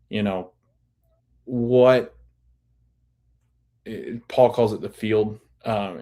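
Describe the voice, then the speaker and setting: A man hosting a podcast, casually recapping a TV episode in a chatty way and laughing often as he retells scenes. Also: fairly low pitch. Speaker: podcast host.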